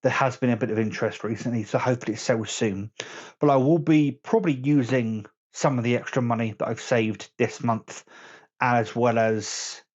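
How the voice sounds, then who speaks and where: A man's voice: medium pitch, normal speed, a little mellow, husky, muffled recording. A man vlogging about board games in casual chat to camera at home, rambling and correcting his own slips as he goes. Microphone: phone camera.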